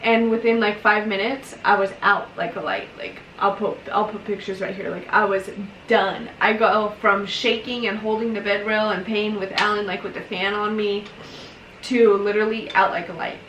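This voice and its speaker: A woman's voice: medium pitch, steady tone, normal speed, a bit bright, highs cut off, slight background noise. A young woman casually telling a personal story while doing her makeup, chatty and emotional, with lots of fillers. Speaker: vlogger. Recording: roomy echo, mic at a distance.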